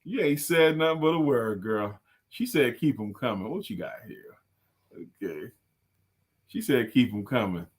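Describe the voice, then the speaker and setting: A man co-hosting a casual live-stream chat, telling dad jokes and laughing loudly at them and greeting viewers by name. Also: medium pitch, lively intonation, moderate pace, slightly rough. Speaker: co-host.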